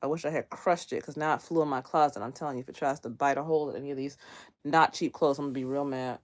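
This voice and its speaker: A woman's voice: extremely low pitch, fairly even intonation, quick pace. A woman chatting casually on a livestream from her room, laughing often and telling stories animatedly. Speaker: livestream host. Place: bedroom near closet, indoors.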